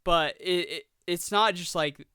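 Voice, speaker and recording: A young man in his twenties co-hosting a podcast, chatting excitedly about a film and rambling through his points. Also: high voice, measured pace, clean tone, dry recording, studio quality. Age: 20s. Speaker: podcast co-host. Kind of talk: casual film review chat.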